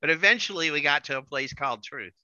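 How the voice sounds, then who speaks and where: A middle-aged man telling a personal story in casual conversation, animated and repeating his words as he acts out quotes. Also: a little high, fast, dry recording, muffled recording.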